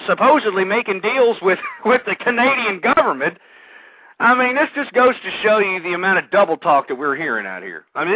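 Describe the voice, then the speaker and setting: High-voiced man ranting on tinny talk radio. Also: dry recording. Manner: rambling, repeats words, grows loud and heated. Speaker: radio host. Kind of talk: internet talk radio monologue. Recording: tinny phone-line sound, dry.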